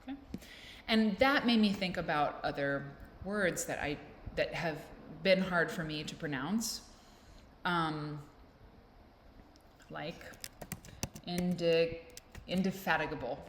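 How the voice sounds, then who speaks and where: Low-pitched female vlogger, rambling and self-mocking, recorded in a reverberant room. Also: slow. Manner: rambling, self-deprecating, playful. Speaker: vlog host. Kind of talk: casual chat to camera. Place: indoors at home with a fan blowing. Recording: echoey room with faint noise.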